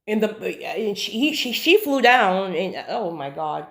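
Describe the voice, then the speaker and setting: A woman telling a personal story to her viewers, chatty and animated, with asides and faith talk. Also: mid-range voice, unhurried. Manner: faith-based talk of God and spirits. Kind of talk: casual storytelling.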